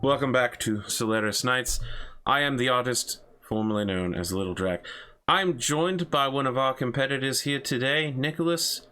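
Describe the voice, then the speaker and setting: A man's voice: medium pitch, normal speed, pushed and bright, soft background music, pitched above the performer's own voice, lightly acted. A man playing a theatrical male arena talk-show host who asks probing questions. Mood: showy.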